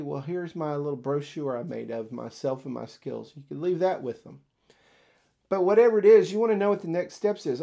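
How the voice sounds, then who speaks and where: A man's voice: high voice, vocal fry. A man giving casual career advice on job interviews, acting out quoted lines from employers and candidates. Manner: animated, acts out quoted dialogue. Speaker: career coach. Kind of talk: casual instructional talk.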